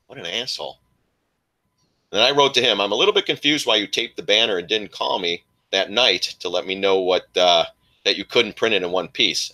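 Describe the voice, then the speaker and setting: A man's voice: fairly low pitch, pushed and bright. A man hosting a casual live stream, rambling and laughing as he rants and chats with viewers.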